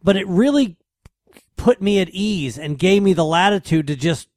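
A man's voice: high-pitched, lively intonation, normal speed, darkish tone, no echo, studio quality. A man with a nasal voice, hosting a radio show in a casual, rambling way with ums and restarts. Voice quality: nasal, by his own account. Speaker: radio host.

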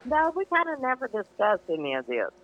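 A man's voice: sits high, huge pitch swings, brisk, dull audio. An older man, telling stories as a podcast guest in a laid-back, rambling way. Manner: laid-back, rambling, hedges with "you know". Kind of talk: casual storytelling chat.

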